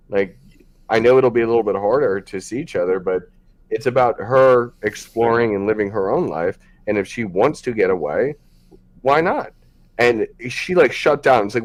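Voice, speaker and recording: A man's voice: fairly low pitch, animated, moderate pace. A man hosting a podcast, talking frankly in a loose, rambling way with many fillers. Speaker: podcast host. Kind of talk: casual podcast chat.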